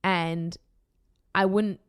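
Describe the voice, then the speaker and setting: A young woman with a Boston accent hosting a casual chat podcast, telling rambling, excited stories full of fillers. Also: lowish voice, drawn-out words, clean tone. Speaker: podcast host.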